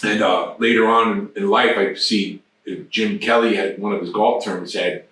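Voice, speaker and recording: A man's voice: lowish voice, steady tone, normal speed, fairly bright tone, slight background noise. A man in his sixties telling rambling, profane anecdotes as an interview guest. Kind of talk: casual storytelling. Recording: very echoey room, distant mic.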